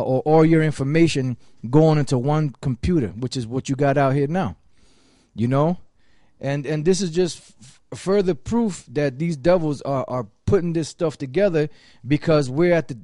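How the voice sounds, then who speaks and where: Guy preaching hard, kinda high voice, super dry close sound. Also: mellow, no room sound. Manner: emphatic, reads scripture aloud. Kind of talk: sermon-style teaching.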